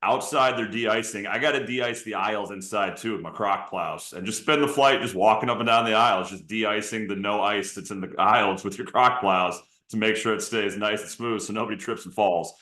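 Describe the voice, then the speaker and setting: A low-voiced man spins goofy bits on a comedy sports podcast, now and then jumping into squeaky put-on voices. His voice bounces around a roomy space. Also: brisk, few pauses, sharp tone. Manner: playful, jumps into silly high-pitched bits. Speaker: podcast co-host.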